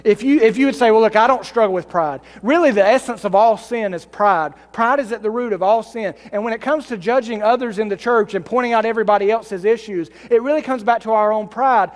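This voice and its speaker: A male pastor delivering a sermon, swinging between mocking high voices and low, solemn ones, with self-deprecating humor. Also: a little fast, few pauses. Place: church sanctuary. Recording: long hall reverb with mains hum.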